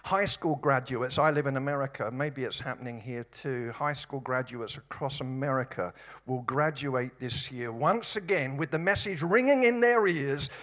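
A man's voice: medium pitch, expressive, moderate pace, hardly any pauses, fairly bright tone. A man from East London with a local accent, preaching a sermon with humorous storytelling and wry jabs. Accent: East London English. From East London, England.

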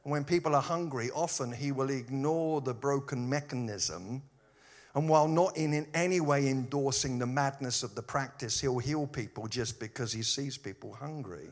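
A pastor preaching a sermon, telling stories with dry humorous asides. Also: male voice, mid-range voice, moderate pace. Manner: animated storytelling with humorous asides.

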